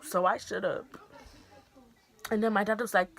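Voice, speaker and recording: A young woman tells a storytime vlog in a bright, fairly high voice. She is animated and slips into the voices of the people she quotes. The delivery is casual and chatty. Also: a little fast, slight background noise. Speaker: vlogger.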